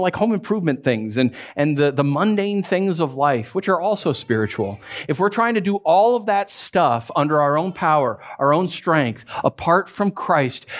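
A man delivers a sermon as a pastor, his voice sitting a bit higher than most men's. He talks in a loose, conversational way, pokes fun at himself and hammers points home with repeated phrases. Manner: conversational and playful, with self-deprecating humor; emphatic repetitions.

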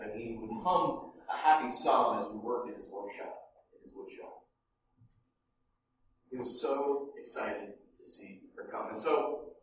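Animated male storyteller in an echoey room. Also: on the high side, recorded from a distance, a little hiss or hum. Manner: animated, swinging from hushed murmurs to loud bursts. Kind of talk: first-person dramatic monologue.

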